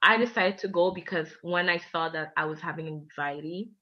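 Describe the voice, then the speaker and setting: A woman in her twenties from Canada, a podcast guest telling personal stories in a lively, casual way and acting out both sides of conversations. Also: fairly low pitch, normal speed, highs cut off. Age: 20s. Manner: lively, acts out both sides of conversations, laughs mid-story. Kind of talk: casual storytelling.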